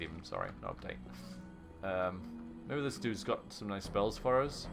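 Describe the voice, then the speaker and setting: A man's voice: sits low, huge pitch swings, moderate pace, gravelly. A man streaming a video game, chatting casually and joking with his viewers. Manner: chatty, joking, laughs often. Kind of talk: casual live-stream commentary. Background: faint game music.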